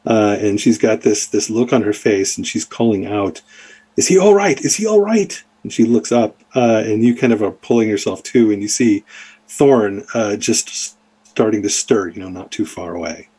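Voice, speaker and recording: A man serves as dungeon master for a tabletop game, describing the scene in loose, rambling sentences. His voice is husky, and he leans on lots of "like" and "uh" as he goes. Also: lowish voice, fairly even intonation, normal speed, warm tone. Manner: rambling, many fillers.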